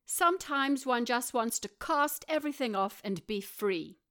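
A man's voice: very high-pitched, expressive, measured pace, pushed and bright, clear, resonant tone, voice pushed up, heavily acted. A woman voicing a carefree, impulsive middle-aged Englishman who talks in a boisterous, hearty way.

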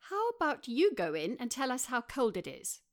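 Woman doing a worried sensible english woman, higher voice, audiobook. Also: huge pitch swings, normal speed. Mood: fretful. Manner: anxious, protesting. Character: fretful, sensible middle-aged Englishwoman.

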